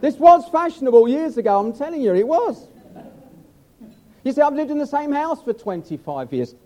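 A man's voice: very high-pitched, sing-song, normal speed, warm tone. An older man preaching a humorous sermon, chatty and self-mocking as he tells stories.

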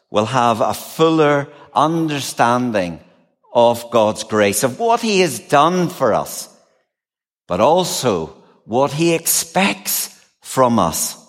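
A man preaching a sermon, measured and expressive, with a touch of dry humor. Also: medium pitch, long reverb tail.

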